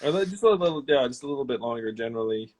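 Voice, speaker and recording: A man in his forties chats on a live video stream from his house. He rambles casually, starting sentences over and filling gaps with ums. His voice sits at an ordinary, middle pitch. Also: rapid-fire. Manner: relaxed, rambling, many fillers and restarts. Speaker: host of an Instagram live Q&A. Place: his home.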